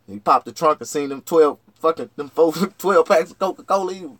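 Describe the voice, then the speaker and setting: A man rambling through a profane, casual vlog monologue. He jumps from shouted outbursts to low mutters. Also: brisk, hardly any pauses, dry recording. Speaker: vlogger.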